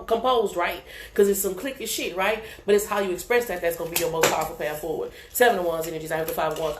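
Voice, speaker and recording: A woman reading tarot cards live in a loose, profane, chatty manner, constantly checking that the listener follows her. Her voice sits at an ordinary pitch in an echoey room with faint background noise. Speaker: tarot reader.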